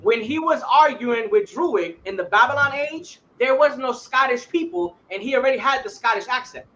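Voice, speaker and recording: A man's voice: very high voice, expressive, moderate pace, bright, forceful tone, dull audio. A man from Puerto Rico co-hosting a podcast, nitpicking a film in heated talk full of swearing. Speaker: podcast co-host. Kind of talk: casual podcast banter.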